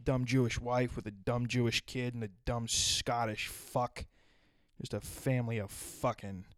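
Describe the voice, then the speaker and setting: A man's voice: mid-range voice, little pitch movement, a little slow, no room sound, clean studio sound. A man hosting his own podcast, riffing crudely and profanely in a rambling solo rant. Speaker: podcast host.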